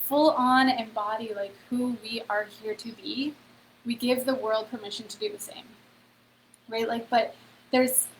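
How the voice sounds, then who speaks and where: A woman's voice: on the high side, steady tone, measured pace, slight background noise, poor audio. A woman hosting a casual live-stream motivational talk, chatty, with lots of "like" and "okay?" and talking straight to her viewers. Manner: chatty, heavy on "like" and "okay?", addresses viewers directly. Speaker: host of a free online event.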